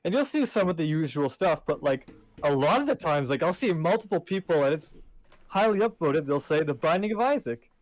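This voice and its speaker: A man's voice: fairly high pitch, lively intonation, brisk, no room sound, rough recording. Rambling man with a dry, close sound. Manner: rambling with many fillers, laughs while talking. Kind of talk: casual chat.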